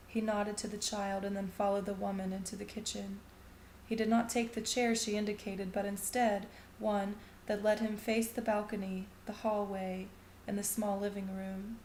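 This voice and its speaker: Woman reading a short story, calm and even, echoey room. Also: medium pitch, moderate pace, slight background noise. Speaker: reader.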